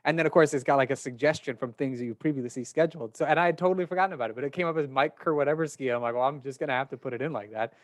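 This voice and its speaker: A man's voice: medium pitch, very fast, hardly any pauses, no echo. A man hosting a podcast interview, chatting casually and laughing at his own jokes. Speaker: podcast host.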